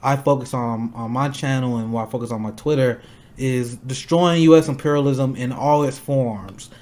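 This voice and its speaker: A young man hosting a political stream, angry and blunt, ranting fast and swearing often. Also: medium pitch, fairly even intonation, a little mellow. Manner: fast, repeating himself to stress points. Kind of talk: heated political commentary.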